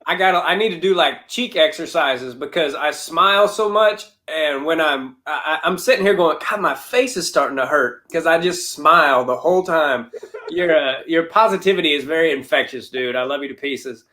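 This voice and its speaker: Male comic host with a high voice, loose rambling delivery, chuckling at his own stories. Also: normal speed, bright, forceful tone. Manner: rambling, frequent restarts, laughs at himself. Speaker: comedian and podcast host. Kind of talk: casual podcast chat.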